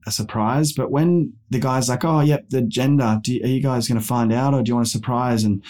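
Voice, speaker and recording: A man's voice: mid-range voice, fairly quick. A man, a guest on a parenting podcast, telling stories casually and acting out the people he quotes. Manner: animated, acts out quoted people in raised voices. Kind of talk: casual storytelling.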